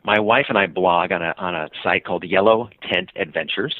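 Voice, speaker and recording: An American man, a guest on a podcast, telling a travel story in an animated way and acting out the voices of the people in it. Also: brisk, no room sound. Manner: acts out quoted voices with big pitch jumps. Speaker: guest, touring cyclist and author. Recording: dry, tinny phone-line sound.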